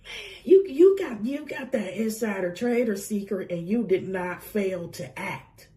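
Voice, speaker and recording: A woman's voice: medium pitch, expressive, a little slow, dark tone. A woman getting over a cold, giving an emotional, effusive tarot reading to camera and laughing often. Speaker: tarot reader.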